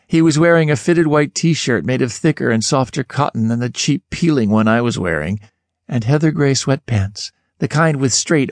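A man reads an audiobook in a first-person voice, expressive and lively, jumping up in pitch whenever he asks a question. His voice sits in the middle range, and the close studio sound is dry and direct. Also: normal speed, dry recording. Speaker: audiobook narrator. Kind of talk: scripted first-person narration.

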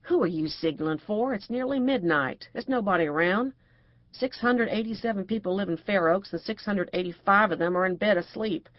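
A woman's voice: medium pitch, a little fast, dry recording, dull audio, natural voice. A woman narrator voicing a brassy, outspoken middle-aged divorcée who talks bluntly and crudely.

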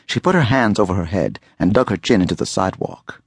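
A man narrating an audiobook thriller in a dramatic, expressive storytelling style on a close studio mic. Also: sits low, fast talker, few pauses, slightly rough, dry recording.

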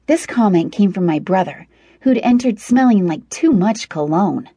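A woman's voice: medium pitch, expressive, moderate pace, warm tone, slightly rough, no room sound, clean studio sound. A woman reading a first-person novel aloud as an audiobook narrator, in a wry, conversational storytelling manner.

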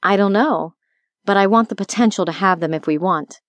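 A woman's voice: medium pitch, brisk, no echo, natural voice. A woman voicing a frank, guarded half-demon succubus heroine in an audiobook. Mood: wary. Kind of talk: audiobook character voice.

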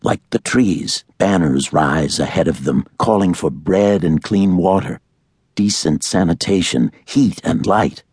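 A man narrating a thriller audiobook in a measured, dramatic way. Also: low voice, a little mellow, breathy edge, no echo, clean studio sound.

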